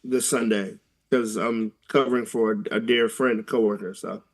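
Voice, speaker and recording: A man co-hosting a casual podcast, laid-back and quick to laugh. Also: on the low side, steady tone. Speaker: podcast co-host. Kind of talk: casual wrestling podcast chat.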